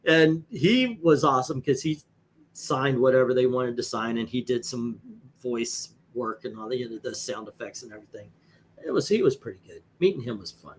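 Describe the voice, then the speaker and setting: A man hosting a stream, telling profane, animated anecdotes in casual chat. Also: mid-range voice, normal speed, slight background noise. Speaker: host. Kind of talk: casual storytelling on a live stream.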